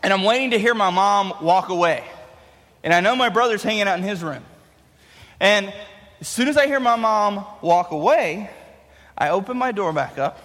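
Animated man preaching in a hall. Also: high-pitched, moderate pace. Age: 30s. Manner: animated storytelling. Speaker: youth pastor. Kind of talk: sermon. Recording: long hall reverb.

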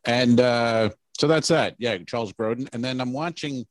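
A man co-hosting a comedy podcast, telling rambling stories in a casual, animated way and dropping into quoted voices. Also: mid-range voice, moderate pace, dry recording. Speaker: podcast co-host.

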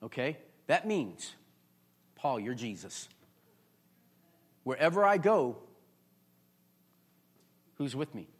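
Man preaching, rising to loud peaks. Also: medium pitch, very animated, slow, long pauses, husky. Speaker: pastor. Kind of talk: sermon. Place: church before a congregation.

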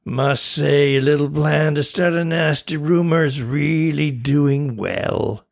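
A man voicing a small, sneering male imp who gloats in slow, mocking taunts. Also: a little high, creaky, voice pushed up. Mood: gloating.

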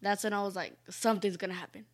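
A woman co-hosting a podcast chat, talking in a hesitant, soft-spoken way with many fillers. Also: mid-range voice, fairly even intonation, fast. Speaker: co-host, host's daughter. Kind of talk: casual chat.

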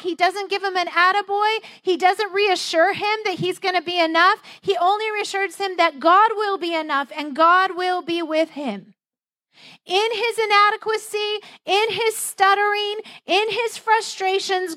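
A woman's voice: very high-pitched, a bit bright. A middle-aged woman pastor preaching a sermon in a conversational, lightly humorous way, acting out the voices she quotes.

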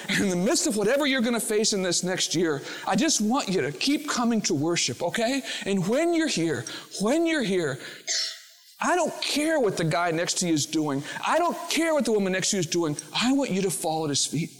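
A man delivers a sermon from the pulpit, his voice sitting a little higher than most. He shifts between quiet, slow reflection and rising, emphatic declarations as he preaches. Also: very animated. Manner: rises from hushed, slow reflection to fervent, emphatic proclamation. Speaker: pastor.

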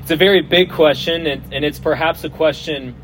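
A man's voice: a little high, fairly even intonation, brisk, fairly bright tone, soft background music, rough recording. A man preaching a casual, joking sermon at an outdoor festival, often restarting his words. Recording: outdoor recording, faint hum and passing vehicles.

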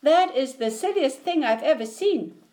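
A woman's voice: sits high, animated, moderate pace, dark tone, voice pushed up. A woman voicing an unimpressed female farm cow in a picture book, with a dry, wry delivery.

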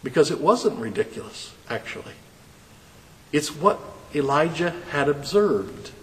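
A man's voice: sing-song, unhurried. Earnest male pastor in a reverberant hall. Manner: reads scripture dramatically, then explains it in a lowered, earnest voice. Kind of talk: sermon. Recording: long reverb.

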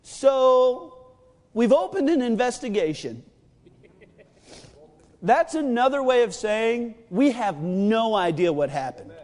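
A man preaching a sermon, telling the story with animated energy and acting out the lines of the characters. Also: sits high. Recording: long reverb of a large hall.

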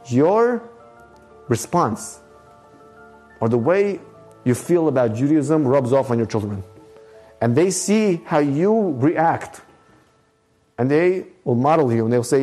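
A man's voice: mid-range voice, animated, normal speed, long pauses, dark tone, soft background music. A man giving a short recorded Torah lesson as a rabbi, speaking emphatically, repeating his points and using Hebrew terms.

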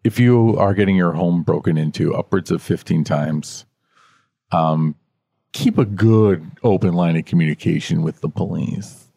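A man in his forties co-hosting a casual true-crime podcast, trading deadpan jokes. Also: deep voice, normal speed, vocal fry, slightly rough, no echo. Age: 40s. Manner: joking, deadpan wisecracks. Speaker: podcast co-host.

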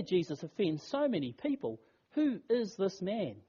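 A man's voice: high-pitched, huge pitch swings, measured pace, mellow, slightly rough. A man giving a funeral sermon, telling the story and asking rhetorical questions in an earnest, emphatic way. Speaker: pastor. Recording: dull lo-fi recording.

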